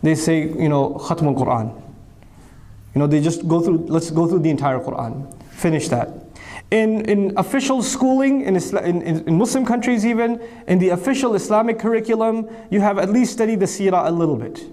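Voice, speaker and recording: A man in his thirties delivers an educational lecture in a fairly high voice. He drives his points home with rhetorical questions and repeated phrases. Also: fairly quick. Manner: rhetorical questions answered by himself; animated, repetitive emphasis. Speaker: Islamic speaker.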